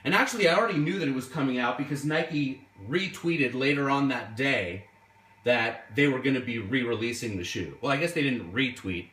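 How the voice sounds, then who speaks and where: A man telling an animated, exasperated story in a casual vlog. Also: mid-range voice, brisk. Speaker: sneaker collector and museum host. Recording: echoey room, voice from far off.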